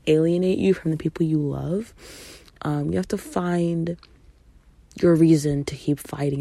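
A young woman hosting a casual solo podcast, speaking candidly, swearing freely and acting out quoted people with big jumps in pitch. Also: dark tone, no echo. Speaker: podcast host.

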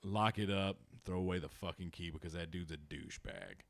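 A man's voice: low voice, brisk, vocal fry, a bit bright, no room sound. A man co-hosting a casual sports podcast, loose and profane, laughing and joking as he makes picks. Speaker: podcast co-host.

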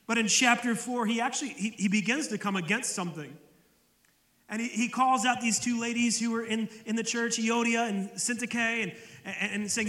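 A man's voice: extremely high pitch, normal speed, bright, forceful tone, echoey room, in a large hall. A male pastor preaching a sermon in a conversational way, often repeating words as he starts a phrase.

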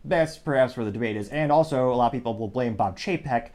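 A man hosting a talk show with rambling, sarcastic news commentary. He drifts into asides and corrects himself mid-sentence, in a voice of ordinary middle pitch for a man. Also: fast, a little mellow. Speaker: podcast host.

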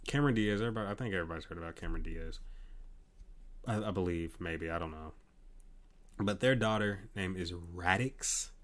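Ranting tired man, low voice. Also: a little fast, pauses often. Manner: ranting, exasperated, profane, many restarts. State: tired, yawning late at night. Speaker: podcast host. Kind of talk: casual solo commentary.

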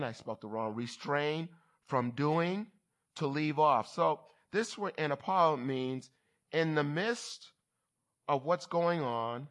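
A man preaching a sermon as a bishop, teaching word meanings and often asking "are you with me?", building to loud emphatic passages. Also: mid-range voice.

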